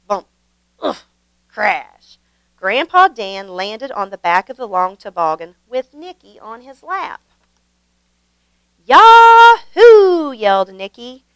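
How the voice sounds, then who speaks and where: A woman hosting her channel and reading a children's picture book aloud in a gentle, expressive way. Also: medium pitch, clean tone, dry recording, poor audio. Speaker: storybook reader, channel host.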